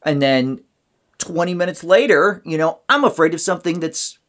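A man's voice: on the high side, animated, moderate pace, fairly bright tone. A man speaking as a guest in a casual conversation, reflective and rambling with many fillers.

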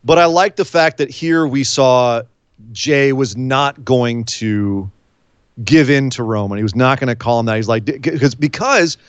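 A man co-hosting a casual talk show, recapping events in an animated storytelling way. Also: mid-range voice, a little slow, clean tone, no echo, highs cut off. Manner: animated storytelling, acts out quotes. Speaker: podcast co-host. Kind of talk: casual wrestling recap chat.

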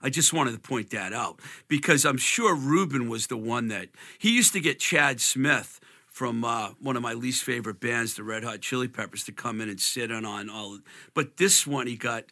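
A podcast co-host with a bright, forceful voice. He chats casually, teases his partner and jumps in with quick remarks. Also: mid-range voice. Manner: chatty, teasing interjections. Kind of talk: casual chat.

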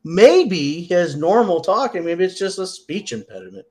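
A man co-hosting a podcast in a casual chat, joking and goofing around as he rambles. His voice sits somewhat high for a man. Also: very animated, moderate pace, darkish tone. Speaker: podcast co-host.

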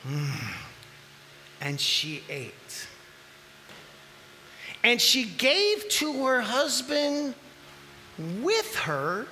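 A man preaching a sermon, acting out the voices in the scripture he reads and rising to shouts at the high points. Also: in a large hall, slight background noise. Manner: animated, acts out voices in the scripture, shouts at peaks.

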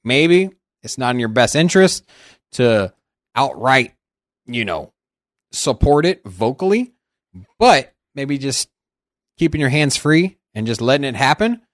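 A man's voice: medium pitch, sing-song, measured pace, pauses often, no echo, clean studio sound. A man co-hosting a crypto podcast, musing on the markets in a hesitant way with restarts and fillers. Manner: hesitant, thinks aloud with restarts. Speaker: podcast co-host. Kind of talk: casual crypto market chat.

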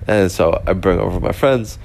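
A man's voice: sits low, normal speed, creaky, darkish tone, slight background noise. A young man casually telling a rambling story, full of fillers and restarts. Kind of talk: casual anecdote.

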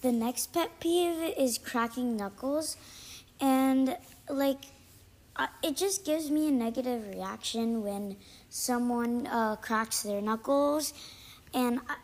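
Slow, chatty woman with a higher voice. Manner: chatty and exasperated, full of ums and likes. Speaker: podcast host; student. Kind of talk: casual solo podcast monologue.

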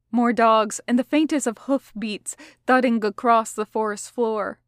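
A woman's voice: fairly high pitch, fairly even intonation, a little slow, few pauses, dry recording. Woman narrating a story, dry close sound. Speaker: podfic reader. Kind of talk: audiobook narration of fan fiction.

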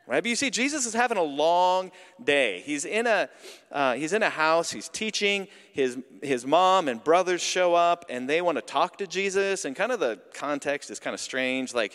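A man preaching a sermon as pastor, telling a story in an animated, conversational way. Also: fairly high pitch, normal speed. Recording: long hall reverb.

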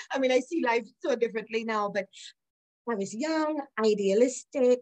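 A woman's voice: a little high, moderate pace, darkish tone, low-quality recording. Middle-aged woman guest, earnest, reflective storytelling, breaks into light laughs. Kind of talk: personal storytelling in an interview.

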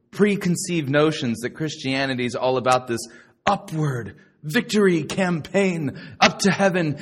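A middle-aged man preaching a sermon to a live congregation, sarcastic and animated, now and then mocking other people's voices. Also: sits high. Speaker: pastor.

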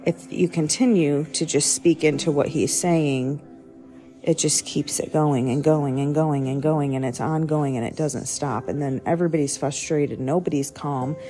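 A low-pitched young woman talks in a loose, conversational devotional style, circling back and fixing her words as she goes. Soft music plays faintly underneath her voice. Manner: rambling, self-correcting, conversational. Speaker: podcast host. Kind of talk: casual devotional talk.

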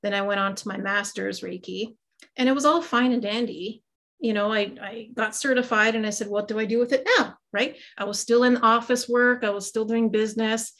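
A woman's voice: on the high side, fairly even intonation, fairly quick, fairly bright tone. Chatty middle-aged woman telling her story. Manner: chatty and self-deprecating, many fillers. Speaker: guest, psychic medium and Reiki master. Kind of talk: casual interview storytelling.

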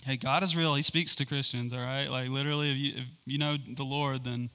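A man's voice: mid-range voice, steady tone, brisk, bright, forceful tone, clean tone. A man telling a rambling personal story in a sermon, with many fillers and frequent laughs. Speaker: preacher. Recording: hall reverb.

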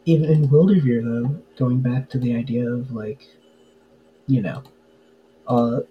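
A man's voice: mid-range voice, fairly even intonation, unhurried, dull audio, a little hiss or hum. A man chatting casually as a podcast guest, full of fillers and easy laughs. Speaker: podcast guest, tabletop game player. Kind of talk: casual interview chat.

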